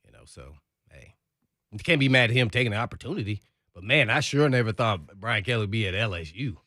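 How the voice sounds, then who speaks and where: A man's voice: on the low side, lively intonation, a little fast, pushed and bright, dry recording, studio quality. A man co-hosting a sports radio show, talking in a rambling, earnest way full of fillers. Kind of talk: casual sports talk.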